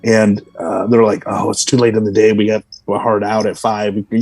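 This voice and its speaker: Husky-voiced man telling rambling stories. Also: on the low side, flat delivery, moderate pace, a little mellow, dry recording, faint music behind, low-quality recording. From Los Angeles, USA. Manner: rambling anecdotal storytelling with many fillers. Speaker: guest character actor. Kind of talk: casual podcast interview.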